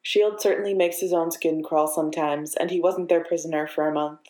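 A woman narrating a story in a steady, measured reading voice. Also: low-pitched. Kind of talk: audiobook narration of fiction. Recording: echoey room.

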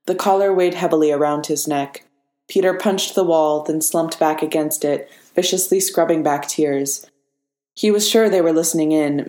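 A woman narrates a story aloud. Her voice is low and steady with expressive turns. The room gives it a clear echo. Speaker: reader. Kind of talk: audiobook narration. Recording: echoey room.

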